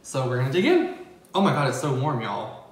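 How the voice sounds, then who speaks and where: A man's voice: mid-range voice, sing-song, fairly quick. A man with a Southern US accent, leading an eating show in an upbeat, casual way. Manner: upbeat, leads the segments. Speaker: mukbang co-host. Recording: very echoey room, faint noise.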